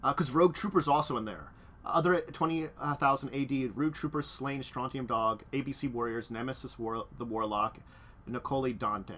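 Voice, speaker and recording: A man's voice: mid-range voice, normal speed, a bit bright, a little hiss or hum. A man hosting a casual talk show about tabletop games, rambling through digressions. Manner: rambling, digressive, laughs at own jokes. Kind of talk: casual chat. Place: indoors near a street.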